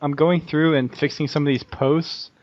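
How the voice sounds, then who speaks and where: A man's voice: on the high side, steady tone, normal speed, no echo. A man hosting a gaming podcast, chatty and laughing between remarks. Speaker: podcast host. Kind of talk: casual chat. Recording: dry, dull lo-fi audio.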